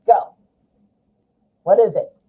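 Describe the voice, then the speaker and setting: A woman's voice: slow, mellow, low-quality recording. A woman doing a live-streamed tarot reading, chatty and reassuring, talking straight to the viewer. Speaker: tarot reader.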